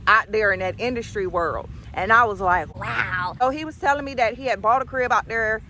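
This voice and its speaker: Brief: bright, high-voiced woman, blunt and animated storyteller. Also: brisk, slight background noise. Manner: animated, blunt, swearing freely. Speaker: storytime vlogger. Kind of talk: casual storytelling.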